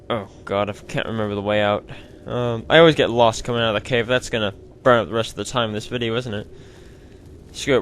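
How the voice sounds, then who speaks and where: A man's voice: lowish voice, a bit bright, slight background noise. A man hosting a video game let's play, talking through it in a chatty, rambling, self-mocking way. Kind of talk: casual gameplay commentary.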